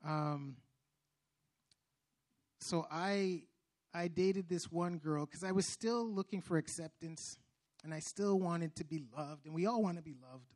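Young guy with a high voice preaching his testimony, earnest, keeps restarting then gets loud. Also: a little slow, pauses often. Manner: earnest, preacherly, with many restarts and sudden loud emphatic bursts. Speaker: speaker giving testimony. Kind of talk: testimony sermon.

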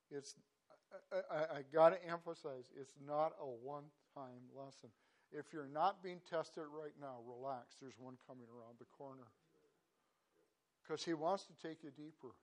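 A man preaching a devotional sermon in an earnest, halting way, stopping and restarting often, then rising into emphatic bursts. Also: on the high side. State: choked up. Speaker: pastor.

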